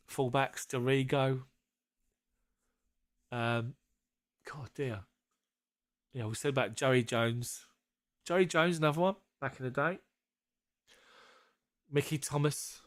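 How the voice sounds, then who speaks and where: A chatty man hosting a live fan stream. He jokes and laughs his way through, and he swears now and then. His voice sits at a middling pitch, and the sound is dry and close to the mic. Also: fairly even intonation, slow pace, pauses often, dry recording. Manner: jokey, laughs often, swears casually. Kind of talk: casual live-stream chat.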